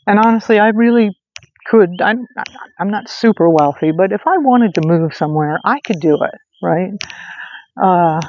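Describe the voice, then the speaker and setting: A woman's voice: mid-range voice, darkish tone. A woman hosting a casual vlog outdoors at night, chatting in a rambling way with many fillers and restarts. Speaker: host. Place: outdoors at night under a street light. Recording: dull lo-fi sound with faint noise.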